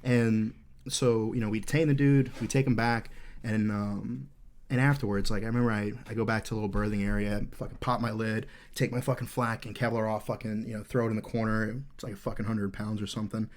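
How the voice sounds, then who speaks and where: A man's voice: fairly low pitch, flat delivery, fairly quick. A man in his thirties hosting a podcast, telling a story in casual talk, intense and earnest, swearing in nearly every sentence and rambling with fillers. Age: 30s. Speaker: podcast host.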